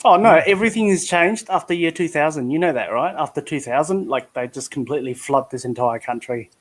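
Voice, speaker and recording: A man's voice: a little high, fairly quick. Rambling Australian man, casual chat. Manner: rambling, self-deprecating storyteller with many restarts. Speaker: community hangout participant.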